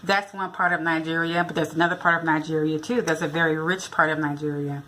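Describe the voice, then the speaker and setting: A woman's voice: sits low, fairly even intonation, fast talker, bright, forceful tone. A middle-aged woman from the United States, telling a story casually in a vlog and acting out the dialogue. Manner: chatty, retells a funny encounter with quoted dialogue. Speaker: vlogger.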